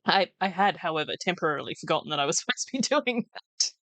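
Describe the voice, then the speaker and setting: A woman's voice: lowish voice, animated, fast, a bit bright, no room sound. Chatty woman with wry gameplay asides. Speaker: let's play host. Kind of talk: casual gameplay commentary.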